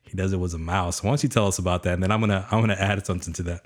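A man's voice: sits low, fairly even intonation, very fast. A man hosting a podcast in a laid-back, casual way, peppering his sentences with "man" and "you know.". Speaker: podcast host. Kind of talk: casual recap chat.

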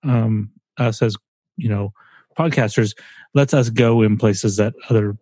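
A man's voice: on the low side, unhurried, darkish tone, no room sound. A man co-hosting a podcast, chatting casually, opinionated and joking. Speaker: podcast co-host.

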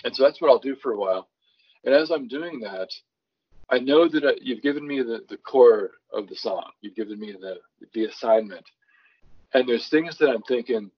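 A man's voice: on the low side, slightly rough, lo-fi sound. A man who writes songs from scripture, explaining his process in a thoughtful conversational way, often restarting his sentences. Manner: thoughtful, restarts often, reads scripture aloud with varied emphasis. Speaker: songwriter guest.

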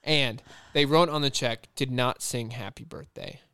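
A man in casual podcast chat, telling a story in an animated, profane way with frequent restarts. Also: medium pitch, unhurried, clear, resonant tone, no echo, studio quality.

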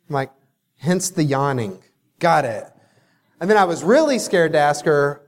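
A man, a company CEO, giving a motivational keynote speech and telling a story with lively quoted dialogue. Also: on the high side, measured pace. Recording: echoey hall reverb.

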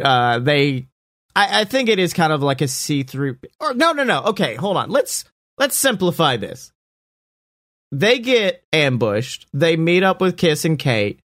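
A man brainstorming a story casually, animated and profane, acting out lines as he goes. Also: on the high side, no room sound, studio quality.

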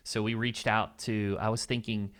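A man with a nasal voice answering interview questions in a candid, upbeat way, listing his ideas in quick bursts. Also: lowish voice, little pitch movement, fairly bright tone. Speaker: podcast guest, agency owner.

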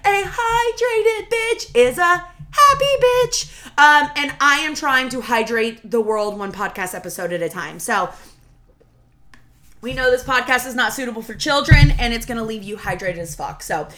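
Solo podcast host, thirties; bright, forceful delivery, casual and cussing. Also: female voice, fairly high pitch, moderate pace. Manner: chatty, profane, animated, Southern-tinged "y'all".

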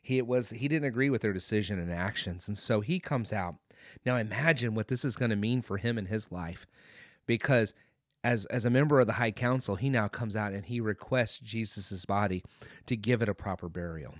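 A man's voice: lowish voice, brisk, no echo, studio quality. Earnest man hosting a Bible podcast. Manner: earnest, lively storytelling with restarts and fillers. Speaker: podcast host. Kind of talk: devotional Bible talk.

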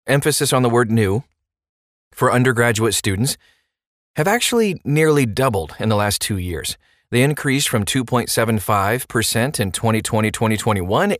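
A man's voice: mid-range voice, fairly bright tone, no room sound, clean studio sound. A man hosting a podcast and explaining a money topic in a playful way, with rhetorical questions and jokey asides. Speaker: podcast host.

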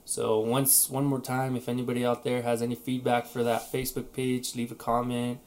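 A man co-hosts a casual podcast chat, rambling with many fillers and restarts. He speaks at a normal speed in a medium-pitched, darkish, level tone.

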